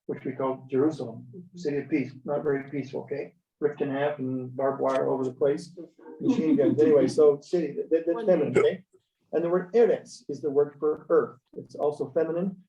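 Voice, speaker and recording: A man with a high-leaning, dark voice teaches beginner Hebrew in a church classroom lecture, chatting easily, tacking "okay?" onto each point, and getting students to repeat after him. The sound is distant and roomy, dull and lo-fi.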